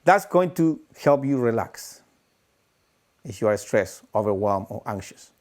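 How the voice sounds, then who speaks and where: A man teaching breathwork in a live-streamed lesson, animated, demonstrating breaths with audible sighs. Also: medium pitch, a little slow.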